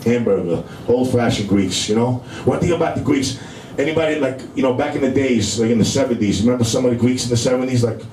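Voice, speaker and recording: A middle-aged man with a thick New York accent works a stand-up crowd, rambling and streetwise, leaning on "you know" every few words. His voice sits at an ordinary pitch and bounces around a roomy club. Noisy room ambience hangs behind him. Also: fast talker, darkish tone, distant mic. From Brooklyn, New York. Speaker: stand-up comedian. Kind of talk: stand-up comedy set. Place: comedy club in front of a live audience.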